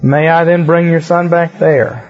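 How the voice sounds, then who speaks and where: A man's voice: a little high, fairly even intonation, a little slow, a little mellow, natural voice. A man reading scripture aloud as a cautious male household servant, in a muffled lo-fi recording.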